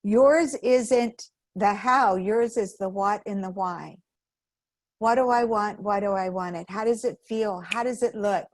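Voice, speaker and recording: A woman's voice: medium pitch, measured pace, darkish tone, no room sound. A woman giving a sermon at a spiritual center in a conversational way, acting out the voices of people she quotes. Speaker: guest speaker at a spiritual center.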